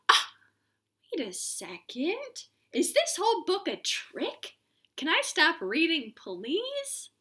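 Woman storytime host, high bright voice, slow and hammy, made for kids. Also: wildly swooping pitch. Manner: playful, exaggerated, with silly sound effects. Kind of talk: reading a picture book aloud to children.

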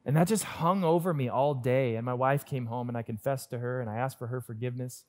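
Earnest pastor telling a personal story. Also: male voice, medium pitch, a little fast, hardly any pauses. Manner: earnest personal storytelling, swinging from lively to hushed. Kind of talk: sermon.

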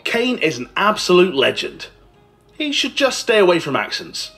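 A man's voice: high voice, huge pitch swings, normal speed, bright, forceful tone, faint music behind. A man reading a scripted movie list countdown in a sarcastic, mocking way. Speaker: list video narrator. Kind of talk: scripted narration.

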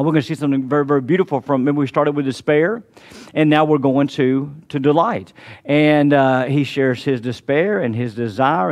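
Pastor, male, slightly high-pitched, preaches with fervent emphasis and slow, stressed lines. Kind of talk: sermon. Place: church sanctuary.

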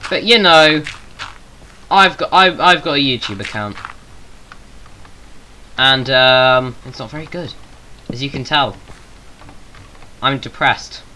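English man, southern accent, sharp bright tone, chatty self-deprecating gameplay commentator. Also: mid-range voice, slow, pauses often, slight background noise, poor audio. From England. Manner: rambling, self-mocking, jokey asides. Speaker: gaming YouTuber. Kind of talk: rambling Minecraft gameplay commentary.

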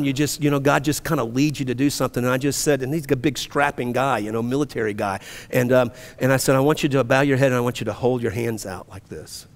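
A male pastor telling a story from the pulpit that builds into loud, passionate preaching. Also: medium pitch, vocal fry. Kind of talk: sermon. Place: church sanctuary. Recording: long reverb of a church hall.

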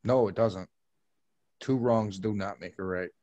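A man's voice: fairly low pitch, unhurried, mellow, no echo, lo-fi sound. A man co-hosting a casual podcast, cracking jokes, teasing his co-host and swearing freely. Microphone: podcast mic.

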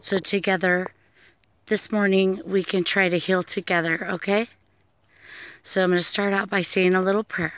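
A woman psychic medium talking calmly and gently outdoors by a pond, in a casual vlog that moves into a spoken prayer. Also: mid-range voice, normal speed, no room sound. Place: outdoors by a pond among trees.

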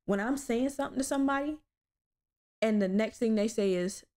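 A woman's voice: fairly high pitch, fairly quick. Blunt, profane young woman podcaster. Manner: blunt, profane and animated storytelling. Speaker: podcast host. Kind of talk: casual solo podcast chat.

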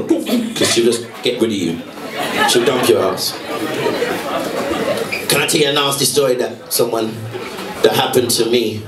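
A man's voice: fairly high pitch, animated, normal speed, long pauses. A man doing stand-up comedy, telling a story with laughter and acting out voices. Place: comedy stage. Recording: roomy live club from far off with crowd.

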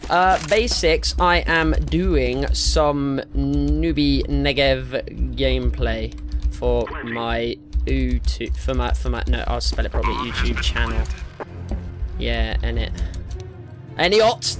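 A young man commentating his own gameplay, excitable and sweary, often yelping into squeaky high notes. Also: slow. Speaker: gaming YouTuber. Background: game music and gunfire.

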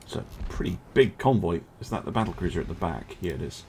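A man's voice: deep voice, sing-song, fast, a little mellow, a little hiss or hum. A man giving casual, musing commentary on a naval strategy game as host, chuckling often and poking fun at himself. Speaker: gaming video host.

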